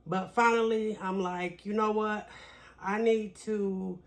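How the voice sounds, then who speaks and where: A woman's voice: mid-range voice, fairly even intonation, slow pace. Candid woman vlogger talking openly. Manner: candid, confiding. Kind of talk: casual vlog talk.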